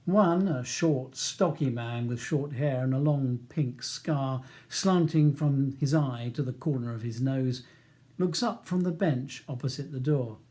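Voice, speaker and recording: A man reads his own novel in a measured, even audiobook narration. His tone is mellow and soft-edged. His pitch sits in an ordinary middle range. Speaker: author reading his novel.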